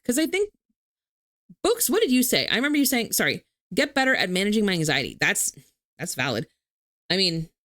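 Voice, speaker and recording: A woman's voice: mid-range voice, dry recording. Giggly, swearing woman streamer, dry close mic. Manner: chatty, laughs often, swears casually. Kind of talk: casual chat with viewers.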